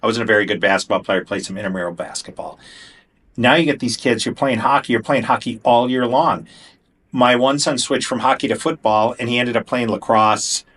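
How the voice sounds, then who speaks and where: A middle-aged man hosting a podcast interview, asking questions in a relaxed, conversational way. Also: mid-range voice, a little fast, slightly rough. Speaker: podcast host. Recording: voice distant from the mic.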